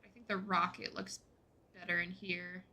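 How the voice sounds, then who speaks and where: A woman's voice: fairly low pitch, little pitch movement, normal speed, sharp tone. A woman streaming a game, chatting casually and answering her chat as she plays. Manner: chatty, reads and answers chat while playing. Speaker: gaming streamer.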